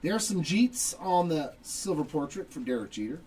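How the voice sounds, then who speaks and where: A man's voice: a little high, sing-song, normal speed, warm tone, distant mic, low-quality recording. A middle-aged man hosting a live card break, casually joking and calling out each card as he pulls it. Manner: joking, chatty, reads out cards as he pulls them. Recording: voice somewhat off-mic with faint background noise.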